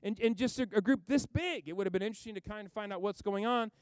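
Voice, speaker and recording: A man delivers a sermon in a smooth, resonant voice that sits a little high for a man. He rambles through the story, jumping into the people's voices and back out again. The sound is close and dry. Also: fast, no echo. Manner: animated storytelling, acts out characters, rambling asides. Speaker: pastor.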